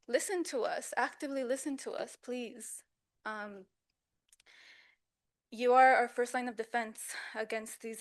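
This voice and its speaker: A woman from Southeast Los Angeles giving an emotional public comment at a council meeting, earnest and pleading, with frequent ums. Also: on the high side. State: emotional, voice wavering at times.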